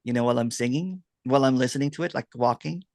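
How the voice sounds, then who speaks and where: A man talking through a video call, his voice dry and close with no room sound around it. He tells stories in an animated way and laughs often, hosting a relaxed chat. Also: mid-range voice, fast talker, vocal fry, no room sound. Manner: laughs a lot, animated storytelling. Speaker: host, non-duality guide.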